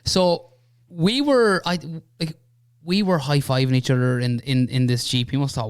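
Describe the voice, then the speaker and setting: A young Irish man recounting an adventure as a podcast guest, his voice smooth and resonant. He talks in an animated, chatty way, checking in with the listener often. The sound is dry and close, from a studio mic. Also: medium pitch, moderate pace, no echo. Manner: animated anecdote-telling with lots of "right?" and "you know". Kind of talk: casual storytelling.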